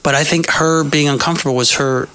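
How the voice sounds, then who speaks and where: A man, a puppeteer and director, talking animatedly as an interview guest, full of quick asides and fillers. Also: fairly high pitch, fairly even intonation, sharp tone, clear, resonant tone. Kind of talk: casual interview chat.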